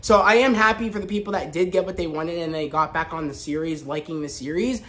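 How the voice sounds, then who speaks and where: A man hosting a casual spoken review vlog, talking in an excited, rambling way with frequent restarts. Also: a little high, fast talker. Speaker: host.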